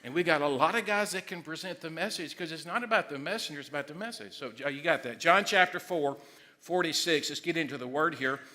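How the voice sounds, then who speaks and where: Man, middle-aged pastor, sermon, high pitch, bright tone, emphatic. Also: fast talker. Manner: excitable, emphatic, loud at times.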